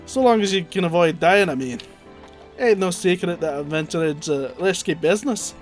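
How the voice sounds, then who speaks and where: Old peddler, man doing a shaky Scottish accent, folksy, high-ish voice. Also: expressive, moderate pace, faint music behind. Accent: put-on Scottish, wavering. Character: chatty old male traveling peddler. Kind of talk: reading game dialogue aloud.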